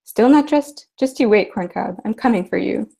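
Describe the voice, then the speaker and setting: Stern school director, barking orders, woman reading, gravelly, dark tone. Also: medium pitch, lively intonation, normal speed. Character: stern, impatient school director, grown man. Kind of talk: literary reading.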